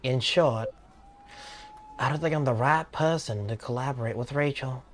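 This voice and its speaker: A man's voice: mid-range voice, moderate pace, slight background noise, natural voice. A streamer voicing a troubled, formal young man in a game with a put-on American Southern accent. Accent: attempted American Southern.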